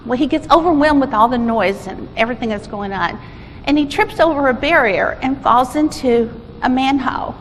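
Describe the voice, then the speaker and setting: A woman presents at a conference in an informal, storytelling style, often restarting her phrases. Her high voice echoes through a large hall, with faint ambient noise behind. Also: normal speed. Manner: informal, self-correcting, animated storyteller.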